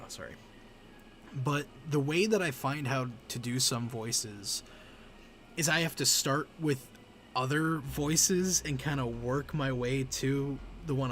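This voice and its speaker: A man's voice: medium pitch, slight background noise. A man chatting casually on a live stream, chatty and self-deprecating, breaking into laughs.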